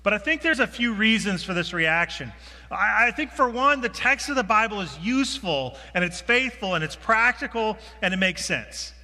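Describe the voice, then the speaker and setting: A male pastor with a very bright, slightly high voice, preaching in a casual, self-deprecating way. His words ring out with a long reverb through a church sanctuary. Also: expressive, normal speed. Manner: self-deprecating, conversational, with restarts. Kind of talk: sermon.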